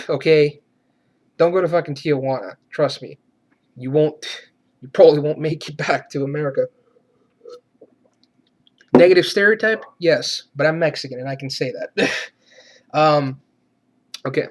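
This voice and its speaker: A man's voice: fairly high pitch, measured pace, pauses often. A man giving a profane, sarcastic movie rant, swearing often and laughing ironically. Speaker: movie reviewer.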